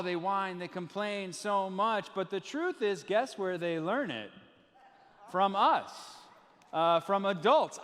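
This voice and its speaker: A male pastor in his thirties delivers a sermon in a church, with a high-pitched voice that carries a long reverb tail from the hall. He tells stories and throws in playful asides to the congregation. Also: a bit bright. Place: church sanctuary with live congregation.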